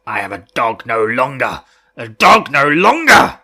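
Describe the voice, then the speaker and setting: A man voicing a vengeful, sinister male villain in a book reading, with a low, menacing snarl. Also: big pitch swings, unhurried, sharp tone, heavily acted. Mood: furious.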